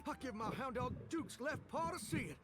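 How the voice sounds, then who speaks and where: A slangy crooning singer suitor. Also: male voice, extremely high pitch, animated, a little fast, very noisy. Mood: smitten. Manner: crooning, old-fashioned slang. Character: dreamy male singer suitor, slangy and smooth. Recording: game voice under loud music.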